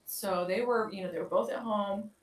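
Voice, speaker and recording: A woman's voice: medium pitch, normal speed, far from the mic. Woman podcast co-host. Chatty, filler-heavy storyteller, a bit off-mic in an echoey room.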